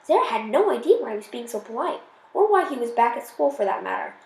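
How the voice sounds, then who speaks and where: A woman's voice: on the high side, very animated, quick pace, darkish tone, roomy sound, rough recording. A woman reading a novel aloud, often stumbling and correcting herself as she goes. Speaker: audiobook reader.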